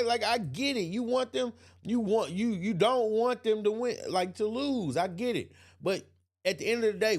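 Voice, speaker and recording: A man hosting an opinion livestream, reading chat comments aloud and answering them emphatically, often repeating himself and laughing. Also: high-pitched. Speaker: host.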